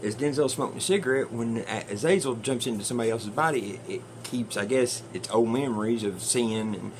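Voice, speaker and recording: A man's voice: medium pitch, fairly quick, slight background noise. A man casually retelling a movie plot in a chatty, rambling way, with some swearing. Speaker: movie reviewer.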